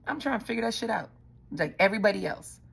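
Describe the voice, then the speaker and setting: A woman's voice: mid-range voice, expressive, fast, gravelly, husky. A middle-aged woman hosting a show, telling a personal story in a blunt, profane, conversational way and speaking straight to her listeners. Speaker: podcast host.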